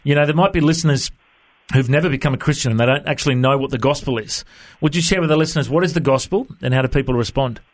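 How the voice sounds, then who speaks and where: A male host interviewing a guest on Christian radio. He asks his questions in a friendly, affirming way, restarting phrases often as he goes. His voice sits at a middle pitch. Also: fast talker. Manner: warm-hearted, affirming, hesitant restarts.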